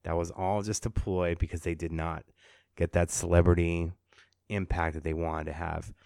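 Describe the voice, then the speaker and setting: A man's voice: low voice, flat delivery, moderate pace, gravelly, a little mellow, dry recording, clean studio sound. A man hosting a podcast, chatting casually about entertainment news, with sarcastic asides. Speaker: podcast host. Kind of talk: casual pop-culture chat.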